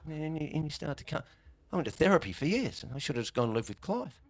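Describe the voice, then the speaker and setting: A man's voice: a little high, very animated, fast talker. A middle-aged Australian man with an Australian accent, performing a rambling, swear-heavy stand-up comedy set.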